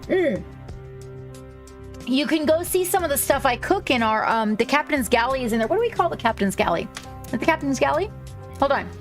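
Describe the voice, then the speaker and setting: Chatty woman from Hawaii, fairly high voice. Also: big pitch swings, faint music behind. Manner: chatty, rambling, quick to swear and laugh. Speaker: streamer. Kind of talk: casual chat with stream viewers while painting.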